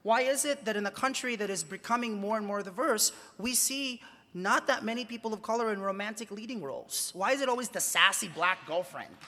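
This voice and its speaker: Bright-voiced man speaking in an echoey hall. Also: high voice, brisk. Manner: emphatic, asks many rhetorical questions. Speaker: journalist giving a talk. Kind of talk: conference talk to students. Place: large convention hall. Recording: echoey hall with long reverb.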